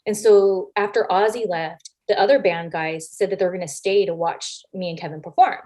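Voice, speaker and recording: A woman, a former wrestler as an interview guest, telling casual anecdotes in an animated way, acting out the lines of people she quotes and swearing freely. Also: on the low side, moderate pace. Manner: animated, acts out quoted lines with big voice shifts.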